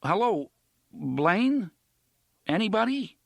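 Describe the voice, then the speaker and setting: A man's voice: sits high, very animated, slow, gravelly, no echo, voice pushed up, heavily acted. A man voicing a tense, wisecracking young man. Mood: anxious calling. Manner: tense, calls out anxiously.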